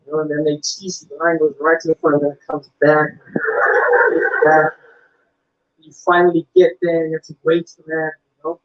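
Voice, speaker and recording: A male stand-up comedian performing a routine on stage, acting out voices of shouting officers. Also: a little high, normal speed, highs cut off. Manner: animated, with loud acted-out officer voices.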